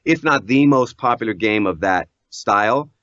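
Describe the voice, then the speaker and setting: A man who works as a voice actor, chatting casually as an interview guest in an animated, self-deprecating way and laughing often. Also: fairly low pitch, moderate pace, no room sound. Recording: dull lo-fi audio.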